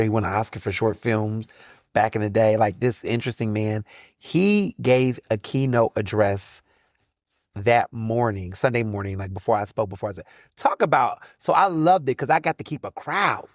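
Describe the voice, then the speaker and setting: A podcast host runs his own solo show, talking in a loose, chatty, slangy way with plenty of quick asides. His pitch rises and falls widely as he goes. The recording is close and dry, with no room sound at all.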